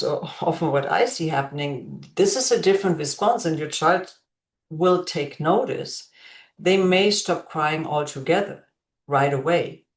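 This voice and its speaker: Slow, gentle woman teaching in an echoey room. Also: on the low side. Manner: slow, deliberate, gently modeling phrases to a child. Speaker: parenting educator. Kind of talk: instructional talk.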